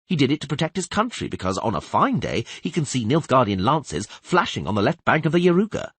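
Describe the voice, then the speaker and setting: A man's voice: medium pitch, big pitch swings, fairly quick, breathy edge, dry recording, pitched above the performer's own voice. A man voicing a proud, hot-tempered king in an audiobook, speaking indignantly. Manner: indignant, forceful. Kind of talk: audiobook character voice.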